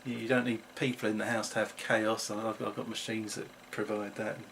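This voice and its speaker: A man's voice: fairly low pitch, little pitch movement, fairly quick, vocal fry, fairly bright tone, a little hiss or hum. A middle-aged man, chatting to camera at home in a rambling, self-mocking way. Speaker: vlogger. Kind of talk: casual chat to camera.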